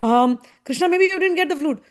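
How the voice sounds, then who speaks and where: A woman's voice: high voice, a little fast, pitched above the performer's own voice, natural voice. A woman voicing a loving teenage girl goddess who speaks hesitantly and apologetically.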